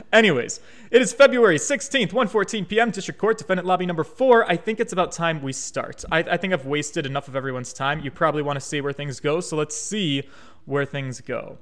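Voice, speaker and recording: A man's voice: a little high, brisk, a bit bright, soft background music. A man streaming a game, joking around and reading the dialogue aloud in a rambling, casual way. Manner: jokey, rambling, reads game text aloud. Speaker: let's play streamer.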